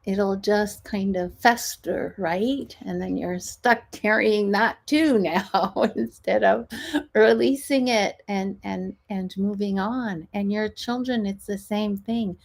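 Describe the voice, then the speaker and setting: A woman podcast host and stress management coach, explaining calmly and checking in with "right?" after her points. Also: medium pitch, takes it slowly, vocal fry. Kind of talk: coaching talk.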